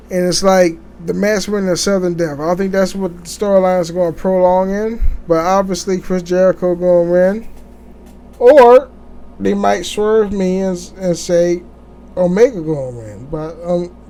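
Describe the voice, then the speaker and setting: Male podcast host, casual solo commentary, halting delivery with restarts, slightly high voice, faint background noise. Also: darkish tone. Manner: rambling, halting, many restarts and fillers. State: sleepy, yawning.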